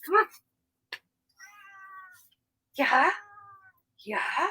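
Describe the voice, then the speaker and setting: High-voiced, unhurried woman reading tarot. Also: lively intonation, fairly bright tone, dry recording, rough recording. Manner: rambling, easily sidetracked. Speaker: tarot reader. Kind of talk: casual live tarot reading.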